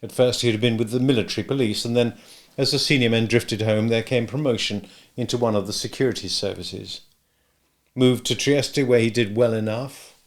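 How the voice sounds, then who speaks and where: Gravelly male audiobook narrator. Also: mid-range voice. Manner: steady, measured reading.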